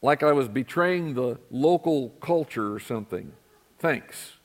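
A man's voice: medium pitch, expressive, a little slow. A middle-aged man preaching a sermon in a church, talking conversationally and asking his congregation questions. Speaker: pastor. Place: church sanctuary.

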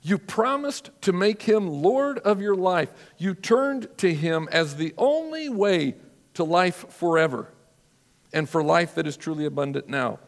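A man preaching a sermon as a pastor, earnest and measured, telling stories with drama. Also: sits high, animated, big-room sound.

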